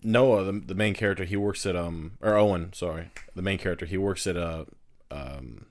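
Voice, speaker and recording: A man co-hosting a podcast, talking about a film in a relaxed, halting way with small laughs. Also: deep voice. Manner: laid-back, hesitant, laughs often. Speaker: podcast co-host. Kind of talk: casual film chat.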